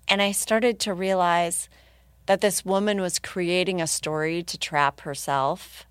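Comedian lady in her 30s telling a story, laughs a lot, dry close sound, lowish voice. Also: moderate pace, clear, resonant tone, no room sound. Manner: lively, laughing, self-mocking. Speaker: comedian guest. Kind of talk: casual storytelling.

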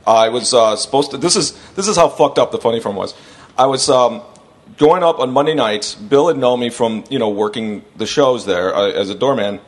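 This man's voice sits in the mid range and moves at a normal speed. He's a podcast host telling stories in casual chat, rambling loosely and animatedly while voicing the people he quotes.

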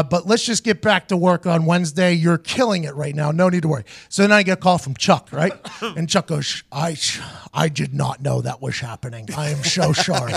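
Man, podcast host, high gravelly voice, dry close sound, animated and profane storytelling. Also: no room sound. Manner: animated, profane, laughs through his stories. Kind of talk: casual storytelling.

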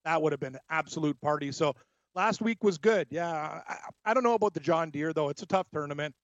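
A man co-hosting a casual sports betting show, an animated storyteller giving his picks. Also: on the high side, brisk, dry recording. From Scotland. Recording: dry, dull lo-fi sound.

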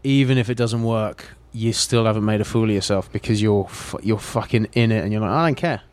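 A British man chatting casually on a podcast, telling animated stories with quick asides. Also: lowish voice. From Britain. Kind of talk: casual chat.

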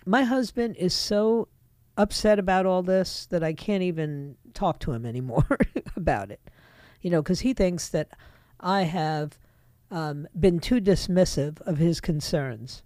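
A woman's voice: on the low side, measured pace, darkish tone, no echo, clean studio sound. A middle-aged woman hosting a political talk radio show, opinionated and emphatic, talking straight to her listeners.

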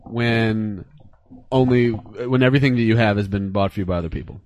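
A man's voice: lowish voice, fairly even intonation, brisk, darkish tone, lo-fi sound, a little hiss or hum. A man co-hosting a podcast, speaking in wry comedic banter and often repeating his opening words.

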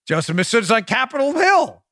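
Sarcastic man, high bright voice. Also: a little fast, dry recording, studio quality. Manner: mocking, animated, laughs at own jokes. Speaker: podcast host. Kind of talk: sarcastic political commentary.

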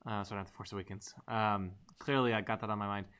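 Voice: deep voice, steady tone, quick pace, fairly bright tone, smooth. A podcast host in casual chat, encouraging and prompting the others. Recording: dull audio with faint hiss.

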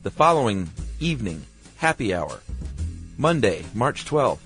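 A man's voice: lowish voice, sing-song, measured pace, fairly bright tone, soft background music. A man co-hosting a podcast in casual chat, making wry, dry asides. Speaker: podcast co-host.

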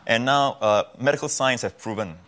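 A man's voice: mid-range voice, normal speed, a bit bright. Earnest man teaching scripture. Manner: earnest, repeats phrases for emphasis. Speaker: guest preacher. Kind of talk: Bible teaching on a talk show.

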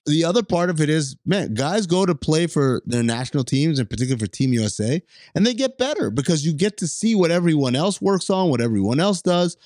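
A young adult man hosting a casual sports talk show, playful and animated. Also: fairly high pitch, fairly quick, dry recording, studio quality. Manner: playful, animated, slips into impressions.

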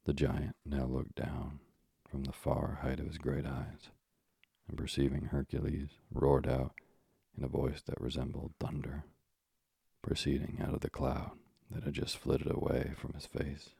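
Very deep, gravelly male storyteller. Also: completely flat delivery, dark tone, no room sound, studio quality. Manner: measured, old-fashioned, moralizing asides. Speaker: narrator. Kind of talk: storybook narration.

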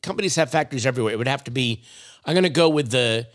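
A man hosting a podcast in casual chat, rambling and halting with plenty of ums. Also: medium pitch, expressive. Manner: rambling, halting with many fillers. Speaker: podcast host.

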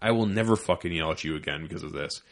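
A man's voice: low-pitched, fast. A man in his thirties, a former Army sergeant, telling a heated, profane story in casual podcast chat. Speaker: podcast co-host.

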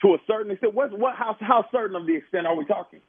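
A man's voice: high voice, very fast, husky. A man in a heated phone argument, angry, profane and stammering as he confronts the caller. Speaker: prank call target. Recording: tinny phone line.

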